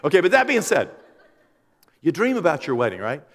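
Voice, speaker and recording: A middle-aged man preaching a teaching sermon as pastor, animated and joking, acting out quoted voices. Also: a little high, brisk. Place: church sanctuary. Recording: long hall reverb.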